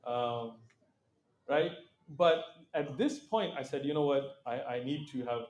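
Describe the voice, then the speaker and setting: A middle-aged man as an interview guest, telling stories in a lively, casual way, acting out quoted voices and laughing often. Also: medium pitch, measured pace, roomy sound.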